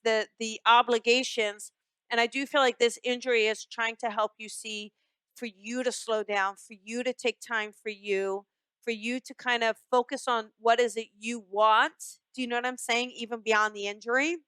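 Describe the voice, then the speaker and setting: A woman's voice: fairly high pitch, steady tone, moderate pace, pushed and bright, clear, resonant tone, no room sound. A woman hosting a radio call-in show as a psychic medium. She talks in a chatty, soothing way, with many fillers, and calls her callers "honey.".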